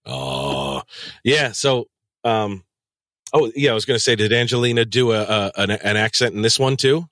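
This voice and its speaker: Crude podcast host guy cracking jokes, deep-ish voice, dead dry sound. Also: moderate pace, dry recording. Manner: profane, laughs often, animated. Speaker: podcast host and audiobook narrator. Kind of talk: crude casual chat.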